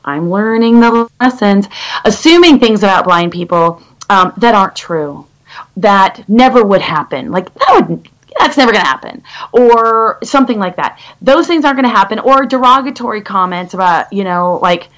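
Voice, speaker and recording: A middle-aged woman, a guest in a conversation, telling stories in an animated, rambling way with many restarts. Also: medium pitch, moderate pace, rough recording. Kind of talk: conversational storytelling.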